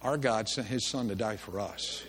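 A man's voice: lowish voice, normal speed, fairly bright tone, a little hiss or hum. A middle-aged man preaching a sermon in a church service, telling stories in a folksy, chuckling way. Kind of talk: sermon with storytelling.

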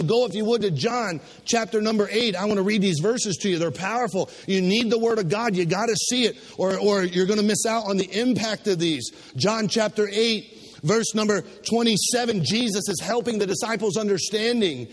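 A pastor preaching a sermon, stacking rhetorical questions in a rising cadence, with restarts and repeated words, in a church. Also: male voice, high voice, moderate pace. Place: church sanctuary. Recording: long hall reverb.

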